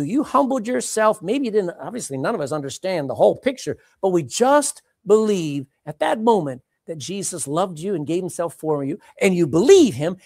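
Woman, preacher, sermon, lively pitch, repeats phrases for emphasis, loud-to-hushed swings. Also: gravelly, dry recording, clean studio sound. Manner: animated, dramatic swings between loud and hushed.

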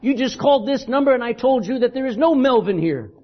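A man's voice: very high-pitched, lively intonation, fast, voice pushed up. A man voicing an irritable middle-aged man who answers the phone and scolds the caller, in a dull lo-fi recording. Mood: irritated. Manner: annoyed, scolding.

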